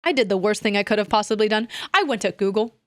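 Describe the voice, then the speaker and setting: A young adult woman streaming, chatting casually in a rambling, animated way that trails off into asides. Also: medium pitch, fast, no echo, clean studio sound. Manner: rambling, animated, self-interrupting with laughs. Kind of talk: casual chat.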